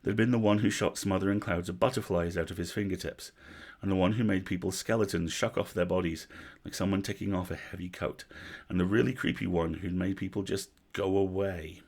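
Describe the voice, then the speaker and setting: A man reading a story aloud on a livestream, measured, with wry asides. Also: low voice, steady tone, a little mellow, husky. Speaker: story reader.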